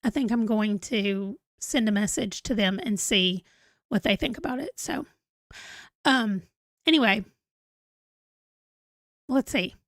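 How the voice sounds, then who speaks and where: A woman's voice: medium pitch, takes it slowly, long pauses, a bit bright, no echo. A woman in her forties hosting a casual livestream, chatty and rambling as she reads viewer comments aloud. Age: 40s. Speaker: book channel host.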